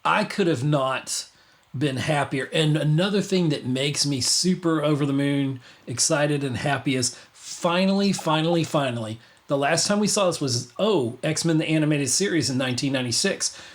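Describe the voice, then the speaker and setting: A man's voice: fairly high pitch, moderate pace. A man hosting a casual livestream podcast, rambling with many restarts and fillers. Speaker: podcast host.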